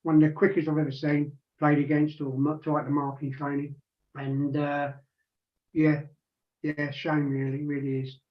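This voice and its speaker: A man's voice: on the high side, completely flat delivery, moderate pace. A man in his sixties chatting casually on a radio show, rambling with lots of restarts and asides. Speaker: regular panelist. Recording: dull lo-fi sound.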